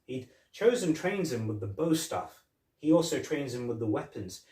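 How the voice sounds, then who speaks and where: A man chatting on a podcast, acting out quoted lines as he goes. His voice sits at an everyday pitch. He is miked from a distance in a roomy space. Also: moderate pace. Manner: animated storytelling, retelling scenes with quoted lines and laughs. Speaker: podcast co-host. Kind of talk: casual chat.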